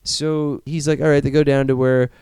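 A man in casual chat reviewing a movie, profane and animated, acting out the scenes. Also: medium pitch, normal speed, smooth, no echo, studio quality.

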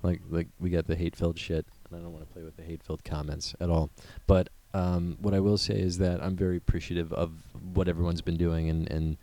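Low, dark-voiced casual podcast man. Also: flat delivery, fast talker, few pauses, no echo. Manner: loose, profane, joking. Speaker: podcast co-host.

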